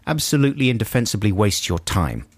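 A man's voice: on the low side, big pitch swings, fast, slightly rough. A man co-hosting a radio show, chatting and bantering playfully. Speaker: radio co-host. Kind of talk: casual radio chat.

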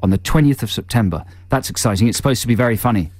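A man's voice: mid-range voice, rapid-fire, darkish tone, no echo. A man co-hosting a jokey radio show, teasing his partner with mock outrage and frequent laughs. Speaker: radio co-host. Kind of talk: jokey breakfast radio banter. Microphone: studio microphone.

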